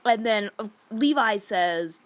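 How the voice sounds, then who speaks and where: A woman recaps a comic chapter in a loose, rambling rant, leaning on "like" as she goes. She sounds indignant and exasperated throughout, in a mid-pitched, everyday voice. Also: lively intonation, takes it slowly. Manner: rambling retelling, heavy use of "like". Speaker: manga reviewer. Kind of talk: casual review rant.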